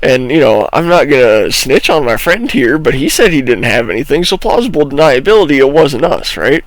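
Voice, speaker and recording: A young man from Illinois, co-hosting a podcast in rambling, animated storytelling with profanity. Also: mid-range voice, a little fast, no room sound, rough recording. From Illinois, USA. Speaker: podcast co-host.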